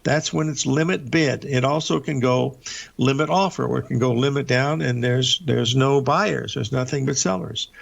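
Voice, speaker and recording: A very gravelly older man hosts a live market broadcast, wandering through his charts with folksy asides, plenty of uhs and restarted phrases. The audio is dull and lo-fi. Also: medium pitch, moderate pace. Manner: rambling, folksy, many filler uhs and restarts. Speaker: market show host.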